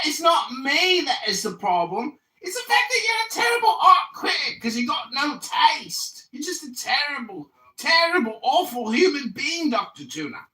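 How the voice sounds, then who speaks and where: A man in his forties hosting a livestream, shouting and mocking the other speaker with profanity. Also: very high voice, very animated, moderate pace, few pauses. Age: 40s. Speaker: livestream host, political candidate. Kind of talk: heated livestream argument. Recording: roomy echo, distant from the mic.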